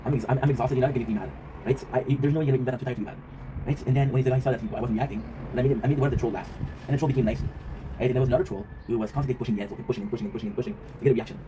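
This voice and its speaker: Rapid-talking man, rambling vlog monologue. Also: medium pitch, steady tone. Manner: rambling, reflective, swears freely, often tags "right?". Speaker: vlog host. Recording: noisy ambient background.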